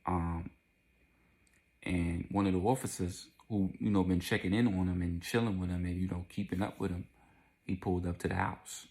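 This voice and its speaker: A man narrating a casual storytime, animated, repeating lines and adding vocal sound effects. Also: deep voice, moderate pace.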